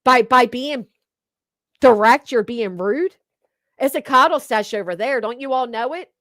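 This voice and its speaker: Woman, livestream commentator, high voice, blunt and sarcastic, cursing, dry close mic. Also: a little slow, a bit bright, no room sound. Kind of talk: profane gossip commentary reading chat. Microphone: streaming desk mic.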